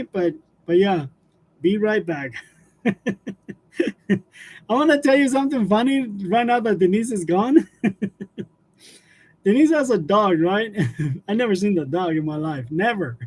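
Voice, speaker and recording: A man hosting a casual livestream, chatting with viewers, laughing often and talking loosely with fillers. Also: high-pitched. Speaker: livestream host.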